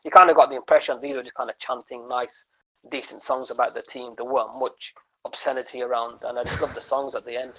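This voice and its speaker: A man, a comedian guesting on a podcast, telling animated, rambling stories in casual chat and tagging his lines with "man" and "right?". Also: mid-range voice, fast talker, low-quality recording. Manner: animated storytelling, rambling with many restarts.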